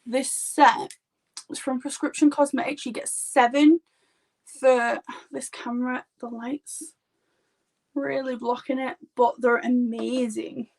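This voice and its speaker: Yorkshire woman in her thirties, high-pitched and slow-paced, chatty makeup artist rambling through a live stream. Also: steady tone, gravelly, darkish tone. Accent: Yorkshire English. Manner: chatty and rambling, heavy use of "like". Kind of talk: casual live-stream chat.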